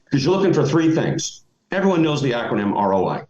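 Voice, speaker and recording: A man's voice: fairly high pitch, big pitch swings, fast, a little mellow. A middle-aged man giving motivational advice as a podcast guest, emphatic and folksy. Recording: roomy, dull lo-fi audio.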